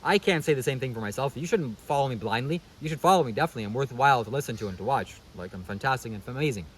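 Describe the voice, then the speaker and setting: A man's voice: medium pitch, animated, very fast, fairly bright tone, breathy edge, rough recording. A man vlogging a casual commentary monologue, sarcastic and preachy, who keeps calling the viewer "buddy" and checking "okay?".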